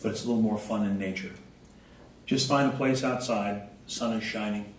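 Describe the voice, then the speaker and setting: A man in his fifties giving a spiritual talk to a group. He slowly draws out short affirmations and tells relaxed, humorous personal stories. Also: fairly low pitch, slight background noise. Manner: slow, drawn-out chanting of short affirmations. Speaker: spiritual speaker. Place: indoor event venue before a live group. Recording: echoey hall recorded from a distance, faint ambience.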